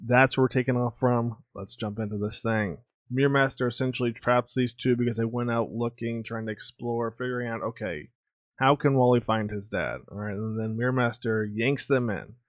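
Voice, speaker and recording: A man hosting a comic book channel, casually reading through an issue and acting out its dialogue in quick snippets. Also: mid-range voice, dry recording. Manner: reads dialogue aloud in quick character snippets.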